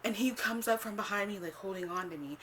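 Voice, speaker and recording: A woman vlogger telling a casual storytime, swearing freely, filling every pause with "like" and acting out what she said back then. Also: medium pitch, slight background noise. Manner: animated, swears freely, acts out her own past lines; heavy use of "like" as filler.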